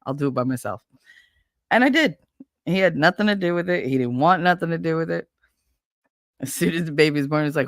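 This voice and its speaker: A middle-aged woman with a deep voice hosts a casual livestream, chatting with viewers as she tells a story full of laughter, swearing and acted-out quotes. The recording is dry, with clean studio sound.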